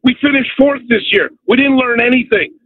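Canadian male caller, high raspy voice, emphatic phone-in rant, thin phone-line sound. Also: fairly quick, no room sound. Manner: emphatic, keeps repeating "okay?".

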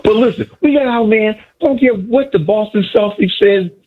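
Excited guy calling a sports show, husky voice, jumps all over the place, muffled phone sound. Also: high voice, normal speed. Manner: excited, repetitive, boastful. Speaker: caller.

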